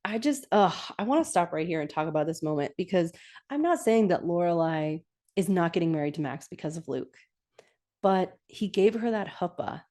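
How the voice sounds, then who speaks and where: A woman's voice: lowish voice, lively intonation, moderate pace, warm tone. A woman hosting a podcast, chatting casually through an episode recap and correcting herself as she goes. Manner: chatty, self-correcting, laughs often. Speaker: podcast host.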